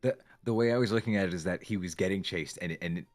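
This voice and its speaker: Hesitant low-voiced male guest. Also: faint music behind. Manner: hesitant, halting when pitching ideas. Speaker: co-writer guest. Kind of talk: casual brainstorming chat.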